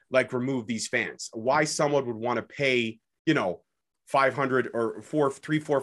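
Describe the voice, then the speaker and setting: A man hosts a podcast in a relaxed, frank way. His voice sits at an ordinary middle pitch for a man, and he talks plainly and directly. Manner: laid back, frank. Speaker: podcast host. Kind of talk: casual podcast chat.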